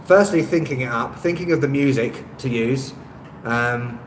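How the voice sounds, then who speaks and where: A man's voice: mid-range voice, moderate pace, reverberant, slight background noise, low-quality recording. Rambling man on a live stream. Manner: rambling and hesitant, lots of ums, self-deprecating. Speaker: travel YouTuber hosting a live stream. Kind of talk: casual live-stream chat, reading and answering comments. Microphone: phone on a stabilizer.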